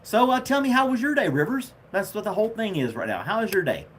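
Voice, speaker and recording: A man chats through a casual home livestream, his voice swinging lively up and down as he jokes and laughs at his own gags. He reads out viewer comments in a relaxed, friendly way. A faint hiss of background noise sits under the voice. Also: sits high, fast. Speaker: livestream host. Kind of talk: casual live chat reading comments.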